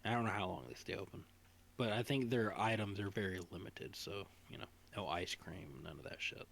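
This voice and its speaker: A man's voice: fairly low pitch, brisk, vocal fry, fairly bright tone. A man co-hosting a casual podcast, rambling, swearing freely, with a voice strained from singing. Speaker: podcast co-host.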